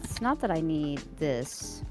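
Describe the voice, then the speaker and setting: A woman streamer chatting casually on a live stream, telling stories in a giggly, animated way. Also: low-pitched, measured pace, over music.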